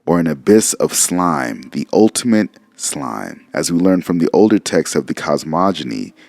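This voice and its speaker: A man's voice: sits low, sing-song, normal speed, vocal fry, darkish tone, no echo. A man giving a casual, profane lecture on old texts, reading passages aloud and musing bluntly as he goes. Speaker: occult lecturer.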